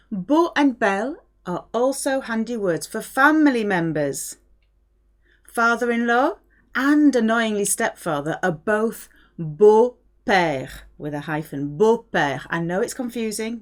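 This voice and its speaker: Slow, lively woman teaching. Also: mid-range voice. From France. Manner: clear, patient explaining with modelled French phrases. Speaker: French teacher. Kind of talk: language lesson.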